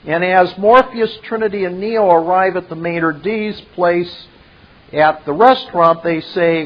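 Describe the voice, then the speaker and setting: A man's voice: sits high, measured pace, dull audio. A man retelling and commenting on a film scene step by step, adding his own asides.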